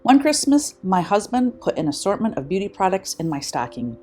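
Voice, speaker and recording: A woman's voice: mid-range voice, very animated, a little fast, mellow. A woman in her fifties, a vlogger, reading short funny anecdotes aloud in a light, amused way. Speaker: vlogger host. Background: faint background music.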